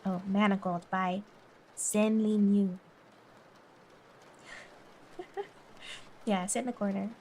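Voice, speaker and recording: A woman's voice: medium pitch, steady tone, slow, pauses often, darkish tone, slight background noise. A woman streamer chatting casually and reading aloud, often breaking off to giggle.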